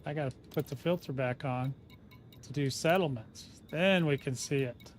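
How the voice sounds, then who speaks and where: Speaking at a normal speed in a medium-pitched voice, this man chats casually during a game livestream with slight background noise. His talk is rambling and chatty, and he frequently interrupts himself mid-sentence.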